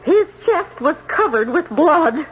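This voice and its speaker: A stammering nervous witness. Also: female voice, high voice, animated, slow, a little hiss or hum. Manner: stammering, hesitant. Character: nervous young woman witness on the stand. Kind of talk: 1970s radio drama acting. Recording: dull old radio broadcast.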